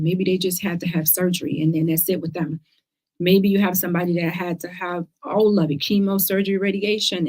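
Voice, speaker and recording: A woman's voice: on the low side, darkish tone. Emphatic woman host. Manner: earnest, emphatic, repeats words when stressing a point. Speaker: host of a cancer talk show. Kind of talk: casual livestream talk.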